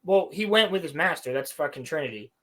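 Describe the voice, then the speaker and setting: Young male podcast co-host, high-pitched, profane and mocking in casual recap chat. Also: expressive, fast talker, pushed and bright.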